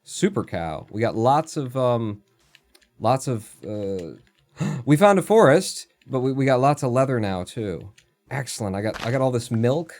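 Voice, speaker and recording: A man streaming a game live, thinking aloud, counting under his breath, chatting to animals and breaking into excited outbursts with casual swearing. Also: medium pitch, unhurried. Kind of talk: live gameplay commentary.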